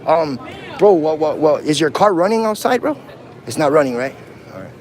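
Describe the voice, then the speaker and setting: A man's voice: a little high, very animated, moderate pace, a little mellow, a little hiss or hum. A man auditing police on a livestream, talking in a taunting, provocative, slangy way while filming on a handheld phone outdoors in a city. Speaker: first amendment auditor. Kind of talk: livestreamed street confrontation.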